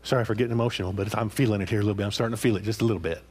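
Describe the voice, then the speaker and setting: A husky-voiced man preaching with rising passion. He circles back over his own phrases and keeps checking in with his listeners by asking "huh?" after each point. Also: on the low side, fairly even intonation, racing, darkish tone. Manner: impassioned, repeats phrases and prods listeners with "huh?". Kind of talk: sermon.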